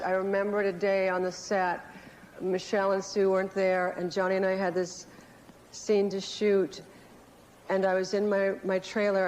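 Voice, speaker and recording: A woman's voice: mid-range voice, low-quality recording. Woman speaking from a podium, nervous and fond, with slight broadcast hiss. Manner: halting, affectionate, nervous storytelling. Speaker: actress giving a tribute. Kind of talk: personal anecdote from a stage.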